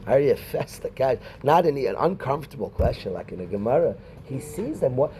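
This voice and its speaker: A rabbi teaching a Talmud class in a conversational way, quoting Hebrew and Aramaic and calling on students by name. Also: male voice, medium pitch, big pitch swings, brisk, warm tone, slight background noise.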